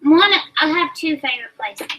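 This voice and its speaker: A woman's voice: sits high, animated, normal speed, bright, forceful tone, far from the mic, low-quality recording. A woman hosting a casual cooking live stream, chatting enthusiastically and explaining her steps as she cooks. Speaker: host.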